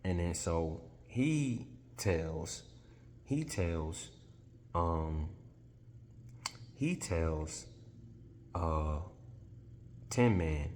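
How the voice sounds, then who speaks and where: Man, very deep voice, casual chatty storytelling, self-correcting, long reverb. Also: animated, extremely slow, pauses often, a little mellow, a little hiss or hum.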